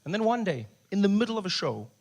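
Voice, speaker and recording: Animated stand-up comedian, man. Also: high-pitched, fast. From South Africa. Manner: animated, shifting between a hushed soft voice and loud bursts. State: recovering from voice loss.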